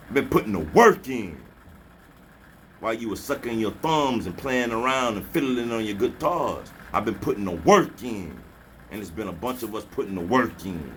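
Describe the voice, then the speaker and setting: Forceful taunting man preaching a rant. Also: lowish voice, slight background noise. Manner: taunting, forceful, scolding listeners; repeats slogans, mocking laughter. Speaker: spiritual vlogger.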